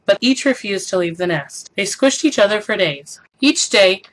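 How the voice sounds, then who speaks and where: A woman reading a children's picture book aloud with animated, expressive storytelling, then posing questions for students. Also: medium pitch, normal speed, poor audio. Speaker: storybook reader.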